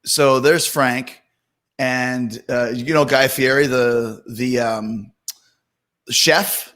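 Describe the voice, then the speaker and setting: A man co-hosting a podcast in casual chat, halting and hunting for words. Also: medium pitch, steady tone, a bit bright. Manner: halting, hunts for words with fillers. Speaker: podcast co-host.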